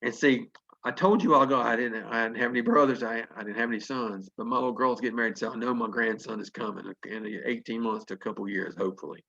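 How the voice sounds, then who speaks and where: A man's voice: medium pitch, steady tone, fast talker, gravelly, sharp tone, muffled recording. A Southern man in his fifties from North Carolina, telling earnest, folksy stories as a motivational speaker on a video call. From North Carolina, USA. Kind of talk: motivational storytelling.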